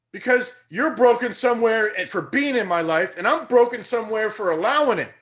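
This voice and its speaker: Young male teacher, slightly high-pitched, energetic, conversational motivational lecture. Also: moderate pace, few pauses. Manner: energetic, conversational, rising to emphatic bursts.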